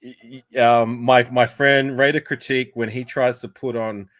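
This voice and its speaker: A man's voice: medium pitch, little pitch movement, normal speed, fairly bright tone, no echo. An Australian man hosts a casual live-stream chat. He is chatty and laughs often, with many restarts. The sound is dry and close. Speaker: podcast host.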